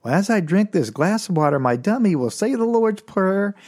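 A man playing a preachy male ventriloquist at a school assembly, with cheery showman patter, slightly higher than his own voice. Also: very animated, moderate pace, darkish tone. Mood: showy.

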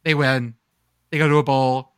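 A man hosting a casual sports podcast, joking around and reading out scores with excitable energy. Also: mid-range voice, normal speed, clean tone, dry recording, clean studio sound. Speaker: podcast host.

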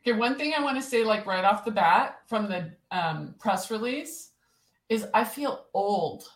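A woman co-hosting a casual podcast, talking quickly and offhandedly with lots of fillers. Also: mid-range voice, expressive. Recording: roomy echo.

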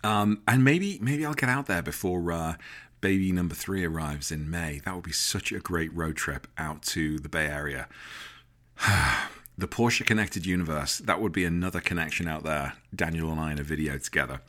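A man's voice: deep voice, normal speed, bright, forceful tone. An English man in his thirties hosting a casual podcast, chatty and jokey as he wraps up the episode. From Britain. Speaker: podcast host.

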